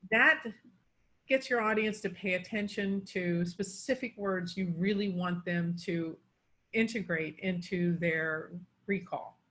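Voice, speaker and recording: A woman's voice: fairly low pitch, a little slow, fairly bright tone. A woman coaching pronunciation, explaining word stress and demonstrating it on example words.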